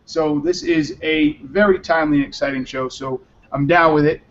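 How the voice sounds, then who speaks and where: Tired male host, high-pitched and loose, rambling with a bit of profanity, muffled lo-fi stream sound. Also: steady tone, moderate pace, a bit bright. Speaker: show host. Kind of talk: casual live web show chat. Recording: dull lo-fi stream audio.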